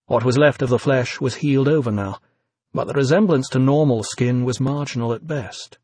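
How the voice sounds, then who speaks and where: A man narrating an audiobook in a measured, even reading. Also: mid-range voice, slightly rough, no room sound.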